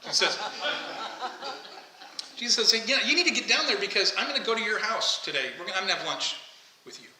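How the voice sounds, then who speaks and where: A man's voice: high-pitched, lively intonation, a little fast, pauses often, pushed and bright, slight background noise. A man preaching a conversational sermon, often asking the congregation questions. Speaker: pastor. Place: church sanctuary. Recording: echoey church hall, faint ambience.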